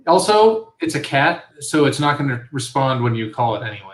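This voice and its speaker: A man's voice: medium pitch, sing-song, a little fast. A man in a casual chat over drinks, making dry jokes. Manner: dry joking. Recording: echoey room.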